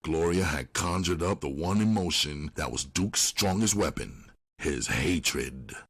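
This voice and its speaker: A man narrating an audiobook in a steady, unhurried storytelling manner. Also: a bass voice, husky.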